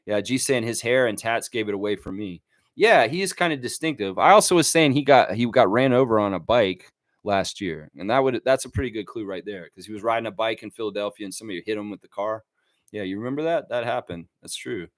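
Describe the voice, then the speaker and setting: A man hosting a casual fan livestream, rambling and animated as he talks to his chat. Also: lowish voice, fairly quick, no room sound. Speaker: fan channel host.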